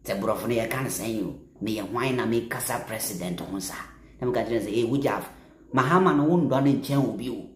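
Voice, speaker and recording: A man with a Ghanaian accent giving impassioned political commentary, emphatic, repeating phrases and bursting into louder stretches. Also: medium pitch, fast talker, reverberant, slight background noise. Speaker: social media commentator.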